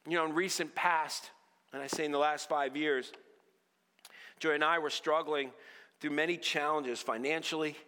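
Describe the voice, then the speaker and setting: A man preaching an earnest sermon, often dropping to a low hush on key lines. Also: steady tone, normal speed, clear, resonant tone, long reverb tail. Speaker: pastor.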